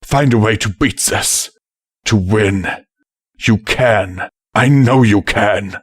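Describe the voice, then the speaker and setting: A man voicing a gentle, dying stallion father who speaks softly and tenderly, as an audiobook character. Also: lowish voice, slow, breathy edge, dry recording, studio quality. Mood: resigned. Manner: soft, tender and quiet.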